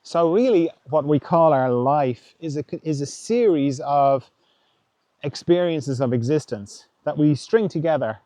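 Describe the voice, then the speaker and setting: Mellow-voiced man musing gently. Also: fairly high pitch, animated, a little slow, no echo. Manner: voices imagined inner thoughts aloud. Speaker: podcast host. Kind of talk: reflective spiritual talk.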